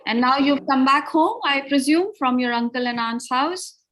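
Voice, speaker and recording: A woman with an Indian English accent leads an online spoken English class. Her voice sits a little high. She explains things in a patient, teacherly way and slips easily into Hindi mid-sentence. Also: moderate pace, a bit bright. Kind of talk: live online teaching session. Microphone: video call over Wi-Fi.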